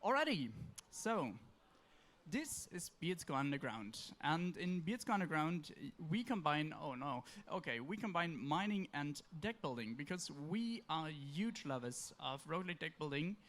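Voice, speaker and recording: A man pitching his game on a convention stage, upbeat and wry as he laughs off technical trouble. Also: very animated, a little slow, fairly bright tone.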